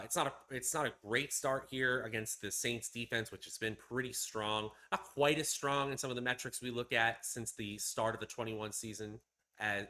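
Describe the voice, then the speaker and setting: A man analysing fantasy football matchups in a measured, casual way, with fillers here and there. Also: lowish voice, sharp tone. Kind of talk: casual sports analysis chat.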